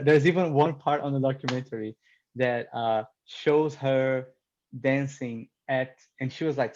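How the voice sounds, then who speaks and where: A man hosting a casual video call chat, laughing often and throwing in quick asides. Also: mid-range voice, darkish tone, dull audio. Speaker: host.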